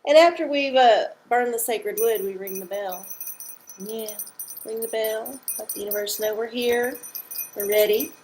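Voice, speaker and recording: A woman's voice: mid-range voice, steady tone, unhurried, a little mellow, slight background noise, low-quality recording. A woman hosting a casual livestream from home, chatty and playful, reading oracles for her viewers. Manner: chatty, playful, uses y'all.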